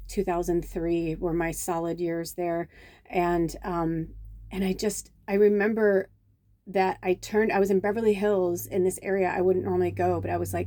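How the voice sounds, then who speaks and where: A middle-aged Chicago woman who works as a spiritual medium tells a long personal story on a casual vlog, drifting into tangents and swearing casually. Her lowish voice is warm and relaxed, and she acts out quoted dialogue with lively reactions. The audio is dry and close, with almost no room echo.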